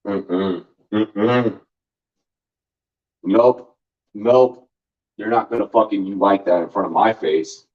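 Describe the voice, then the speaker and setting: A fantasy football podcast host with a fairly low voice speaks slowly and pauses often, the recording dull and lo-fi. He rambles loosely through casual sports talk, repeating words, saying "like" a lot, and swearing now and then.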